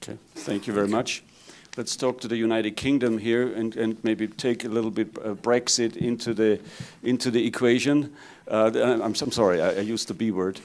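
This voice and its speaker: A man's voice: on the low side, fairly even intonation, normal speed, darkish tone. A man with a German accent moderating a conference panel, hesitant and often restarting his phrases, with a light joking touch.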